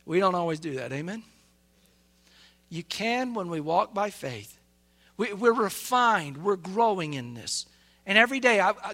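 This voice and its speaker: Male pastor, very high voice, bright and pointed tone, fervent sermon delivery swinging from hushed to loud. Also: expressive, unhurried, long pauses. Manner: fervent preaching that swings between soft asides and loud, raised bursts.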